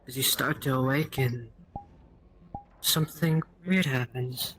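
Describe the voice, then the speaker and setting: A man narrates a spooky roleplay scene in second person, dragging each line out slowly and breathily. his tone is mid-pitched and steady until it swells toward a climax. faint room ambience sits underneath. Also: slight background noise. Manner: slow, breathy, builds to intense climaxes. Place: online voice chat.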